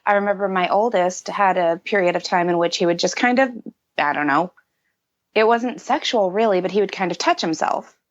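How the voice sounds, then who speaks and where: A woman's voice: lowish voice, fairly quick. A woman in her thirties, a podcast guest, speaking candidly and reflectively in casual conversation, with many fillers. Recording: dull lo-fi audio.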